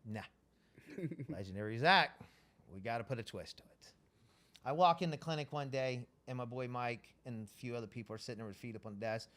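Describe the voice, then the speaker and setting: A man spinning a yarn as a podcast guest, mid-pitched and loose, swearing freely and slipping into the voices of the people in his tale. His delivery is animated and conversational. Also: brisk. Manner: profane, animated, acts out quoted dialogue. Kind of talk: casual storytelling.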